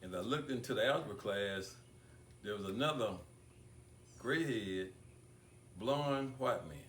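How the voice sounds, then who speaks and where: An older man giving a tribute speech at an awards ceremony, talking deliberately with repeated words and long pauses. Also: fairly low pitch, lively intonation, a bit bright, slight background noise. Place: banquet hall. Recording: echoey room picked up from far off.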